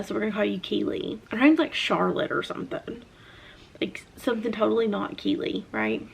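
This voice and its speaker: Gravelly-voiced Southern woman chatting casually. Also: mid-range voice. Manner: chatty, animated hand talker with many fillers. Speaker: book reviewer. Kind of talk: casual chat.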